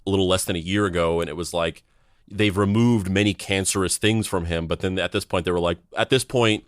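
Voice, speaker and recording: A man in his thirties chats on a podcast, rambling from one thought to the next with a blunt, sardonic streak. His voice sits a bit low. The recording is close and dry, with no room sound. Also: steady tone, a little fast, no echo. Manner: rambling, conversational storytelling. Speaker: podcast co-host. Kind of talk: casual chat.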